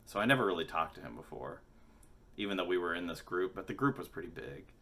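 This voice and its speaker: A man in his forties with a very low, bright and forceful voice tells a rambling story in a casual vlog. He swears freely and pokes fun at himself, wandering off on tangents as he goes. The telling is loose and unscripted. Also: expressive, quick pace. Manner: rambling, profane, self-mocking. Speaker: musician and vlogger.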